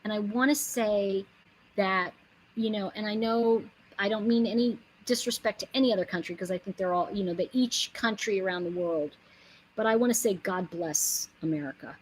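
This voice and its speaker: A woman speaks at medium pitch and normal speed in a casual motivational monologue, earnest, emphatic and rambling with many asides. She's an inspirational speaker, and the rough recording carries slight background noise.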